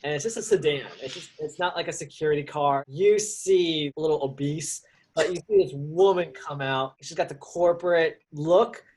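A man's voice: fairly high pitch, moderate pace, a little mellow, husky. A man running a tabletop game as game master, narrating in a laid-back way.

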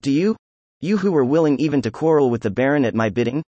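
A man reading the lines of a scornful, hysterical young woman in a novel, in an even, unhurried voice. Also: medium pitch, no room sound, natural voice. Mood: overwrought.

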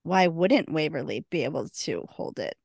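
A woman's voice: deep voice, animated, moderate pace, gravelly, a little mellow, no room sound, studio quality. A woman co-hosting a podcast, eagerly retelling a TV episode in casual chat full of fillers. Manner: enthusiastic, retelling scenes with many fillers. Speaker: podcast co-host.

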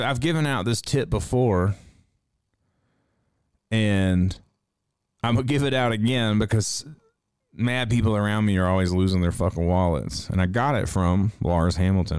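A man's voice: fairly low pitch, a little mellow, dry recording, studio quality. A young man hosting a casual podcast, telling rambling stories full of swearing in a laid-back way. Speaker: podcast host. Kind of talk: casual livestream podcast monologue.

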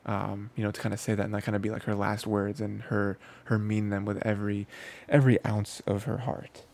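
Low, flat, gravelly-voiced man reviewing anime. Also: brisk. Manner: rambling, filler-heavy, frequent restarts. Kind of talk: casual spoken review.

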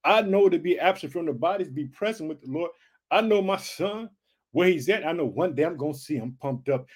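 Fervent high-voiced preacher man. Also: expressive, fairly quick, slightly rough. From United States. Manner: fervent, repetitive calls of hallelujah and family. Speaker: podcast host and preacher. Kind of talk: energetic preaching podcast.

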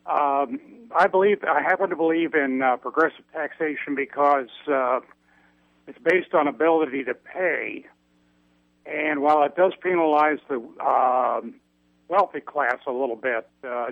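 A man calling in to a radio show, speaking haltingly with many ums and uhs. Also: medium pitch, gravelly, no echo. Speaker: radio caller. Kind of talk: call-in comment. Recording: phone line.

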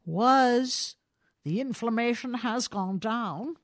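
A woman's voice: fairly high pitch, slow, pitched above the performer's own voice. A woman voicing a grumpy, irritable bearded man. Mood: snappish. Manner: snappish, bad-humored. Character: irritable, disgusted bearded older man in bed. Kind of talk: audiobook reading.

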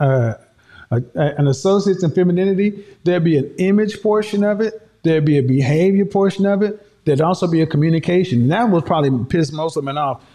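In an opinionated monologue to his audience, a man with a high, mellow voice preaches emphatically and repeats his points for effect.

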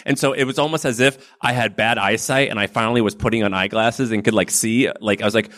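Man, low voice, casual podcast guest, rambling anecdotes, frequent laughs. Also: steady tone, quick pace, a bit bright. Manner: rambling storyteller, laughs often. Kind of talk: casual conversation.

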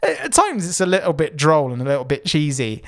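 A man's voice: fairly high pitch, sing-song, a little fast. A man, co-hosting a podcast, chatting casually and rambling with fillers and restarts. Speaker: podcast co-host. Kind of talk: casual podcast review chat.

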